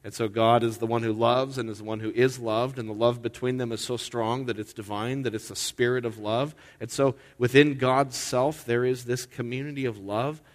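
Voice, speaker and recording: A man's voice: mid-range voice, steady tone, normal speed, few pauses. A man preaching a sermon as head pastor during a worship service, talking conversationally and throwing in rhetorical questions and asides. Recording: long reverb of a large hall.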